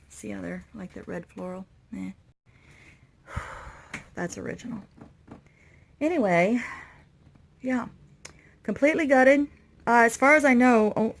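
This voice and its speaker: A woman's voice: on the high side, vocal fry. Stressed woman rambling through a walkthrough. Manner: stressed, rambling, talks to viewers. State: overwhelmed and anxious. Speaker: vlogger renovating an old RV. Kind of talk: casual walkthrough vlog. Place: inside an old motorhome.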